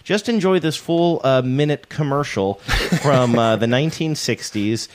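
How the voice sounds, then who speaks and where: A man's voice: mid-range voice, unhurried. A man hosting a podcast, chatting casually and joking about old commercials. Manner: playful, joking. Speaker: podcast host. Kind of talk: casual chat.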